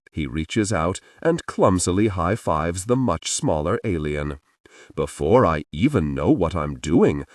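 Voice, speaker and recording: A man narrating a romance audiobook in the first person, expressive and deliberate. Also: low voice, no room sound, studio quality.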